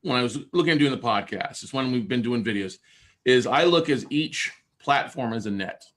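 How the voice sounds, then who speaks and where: A man hosting a podcast talks casually with a bright, forward tone. He rambles, restarts his sentences and stretches out long metaphors as he explains. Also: mid-range voice, expressive, moderate pace. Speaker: podcast host.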